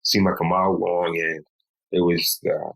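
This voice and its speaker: Deep-voiced man telling a personal story. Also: flat delivery, gravelly, a bit bright, low-quality recording. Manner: slow, measured telling with pleading quoted lines. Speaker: guest.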